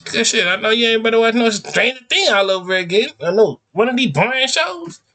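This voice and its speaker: A man in his thirties hosting a reaction video, talking in an animated, rambling, slangy way. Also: fairly quick. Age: 30s. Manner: animated, rambling, slangy, jumps between high and low pitch. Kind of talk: casual reaction commentary.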